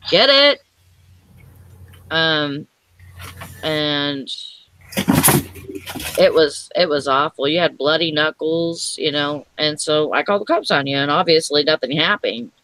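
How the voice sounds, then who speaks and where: A woman's voice: sits low, measured pace, noisy background. A woman co-hosting a live online show in casual chat, telling stories and acting out the dialogue. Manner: chatty storyteller, acts out quoted dialogue. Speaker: co-host of a live reseller show.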